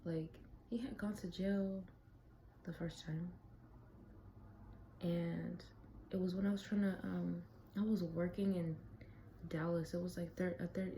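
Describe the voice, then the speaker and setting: A woman's voice: fairly low pitch, steady tone, a little slow, pauses often, dark tone, slight background noise, poor audio. A young woman vlogger telling a personal story in a candid, profane, casual way, sometimes dropping to a whisper.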